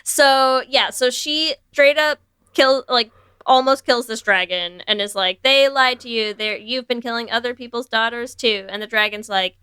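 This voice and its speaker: A woman co-hosting a podcast, recapping a movie in casual, animated chat, swearing freely and acting out characters' lines. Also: on the high side, normal speed, smooth, dry recording, studio quality. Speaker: podcast co-host.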